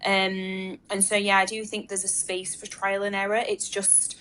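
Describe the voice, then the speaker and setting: A woman's voice: mid-range voice, monotone, moderate pace, fairly bright tone, clean tone. A woman, a marketing expert guest on a webinar, answering casually and thinking aloud with lots of fillers and restarts. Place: video call webinar.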